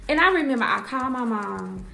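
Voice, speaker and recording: A woman's voice: a little high, expressive, brisk, vocal fry, bright, forceful tone. A young woman, a hairstylist, telling her story to the camera in a blunt, emphatic way, swearing freely and calling her listeners girl and y'all. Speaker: hairstylist and entrepreneur.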